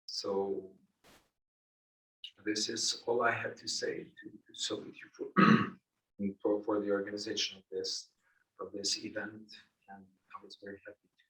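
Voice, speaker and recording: A man's voice: lowish voice, little pitch movement, a little slow, pauses often, fairly bright tone, far from the mic, poor audio. A man panel speaker giving brief thanks, hesitant and repeating words.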